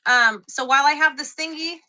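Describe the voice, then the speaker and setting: A young woman sells quilting supplies on a live stream, chatting casually, poking fun at herself, and laughing often. Her voice sits high and runs a little fast, with a pushed, bright quality.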